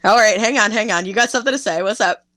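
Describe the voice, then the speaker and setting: A young woman talks as a guest on a casual podcast. She tells her stories with lively, animated energy, laughs often and swears freely. Her voice sits mid-range and sounds close and dry. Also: medium pitch, fast, no echo. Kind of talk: casual interview chat.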